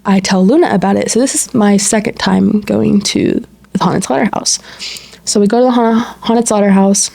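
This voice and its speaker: With a medium-pitched voice marked by vocal fry and a normal speed, this female podcast co-host animatedly retells a story, voicing the quoted dialogue and leaning heavily on "like."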